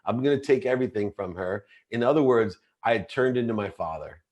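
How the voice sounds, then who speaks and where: A man's voice: mid-range voice, expressive, brisk, a little mellow, muffled recording. A middle-aged man, a podcast guest, telling a personal story in an earnest, intense way and often restarting mid-sentence. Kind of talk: confessional storytelling in an interview.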